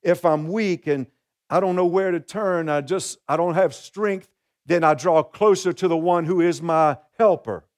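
A man's voice: a little high, measured pace, darkish tone. A man, a pastor, preaching a sermon, repeating key phrases and asking the congregation questions.

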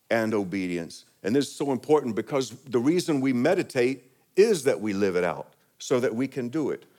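A man's voice: mid-range voice, a little mellow. A man preaching a sermon, leading the congregation in call-and-response and building to emphatic peaks. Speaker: pastor.

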